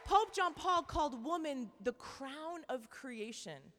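A young woman giving a lively faith talk to women, chatty and playful with many likes and okays. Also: high voice, takes it slowly, big-room sound. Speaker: speaker at a Christian women's event.

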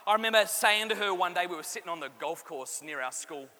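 A man's voice: sits high, fast talker. A man, giving a humorous faith testimony to a live audience and acting out the characters. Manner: animated storyteller, acts out voices and jokes. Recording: long hall reverb, faint room noise.

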